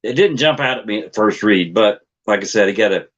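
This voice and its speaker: A man with a lowish voice hosts his theory channel live, rambling along loosely and stumbling through fillers and false starts. The sound is dull and lo-fi, like a basic stream mic. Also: expressive. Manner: halting, many fillers and restarts. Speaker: YouTube theory channel host. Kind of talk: casual rambling livestream chat.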